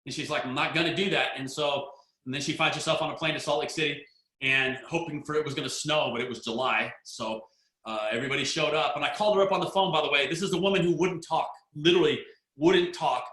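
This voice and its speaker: A man telling the story of his business in an animated, casual way, restarting his sentences often. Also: fairly high pitch, fast talker, reverberant. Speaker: network marketing distributor. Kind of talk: storytelling talk.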